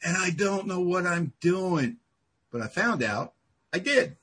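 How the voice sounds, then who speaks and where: A man speaking at a recovery meeting, telling a personal story with big swings from low mutters to loud outbursts. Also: expressive, measured pace. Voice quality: very husky. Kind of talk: storytelling talk.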